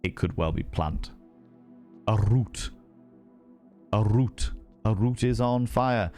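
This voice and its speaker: A man's voice: lowish voice, takes it slowly, pauses often, a little mellow, soft background music. A man chatting casually and playfully with his viewers while streaming a game, swearing freely. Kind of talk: casual live-stream chat while gaming.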